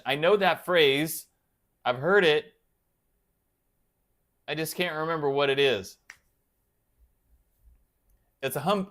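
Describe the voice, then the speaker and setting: Chatty male livestream host: slightly high voice, very animated pitch, answers viewer comments on the fly, pokes fun at himself. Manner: self-deprecating and playful. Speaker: livestream host of a guitar channel. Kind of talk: casual live-chat banter.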